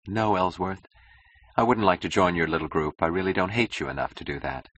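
A man's voice: sits low, brisk, fairly bright tone, no echo. A man voicing a cool, mocking young woman who speaks in a languid, ironic drawl.

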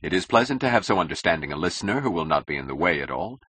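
Man reading a patronizing smooth-talking gent, deep, husky, animated. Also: rapid-fire, dry recording, full character voice. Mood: suave. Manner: suave, patronizing. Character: smooth, condescending middle-aged male intellectual.

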